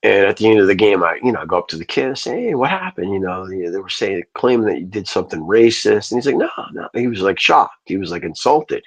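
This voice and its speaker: A man's voice: low-pitched, quick pace, hardly any pauses. A man hosting a livestream, telling a long rambling story in casual, profane speech. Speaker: livestream host.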